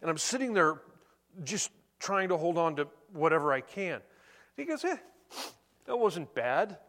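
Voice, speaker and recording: A middle-aged man preaching a sermon, conversational and animated, telling stories between scripture readings. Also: a little high, measured pace. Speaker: pastor.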